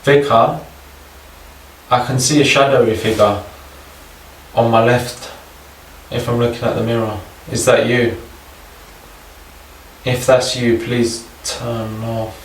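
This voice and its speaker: A man hunting ghosts at night in a haunted house, slowly asking the spirits questions and swearing in awe. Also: mid-range voice, fairly even intonation, a little hiss or hum. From United Kingdom. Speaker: paranormal investigator. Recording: echoey room, mic at a distance.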